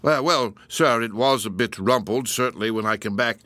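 A man's voice: medium pitch, normal speed, pushed and bright, no echo, close to an everyday voice. A man voicing a nervous, apologetic police constable who stammers and defers to his superiors.

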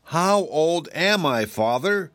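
A man's voice: mid-range voice, expressive, moderate pace, a bit bright, no echo. A man voicing a small, hungry young male dragon who whines and keeps pressing his questions. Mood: pleading. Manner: whiny and persistent.

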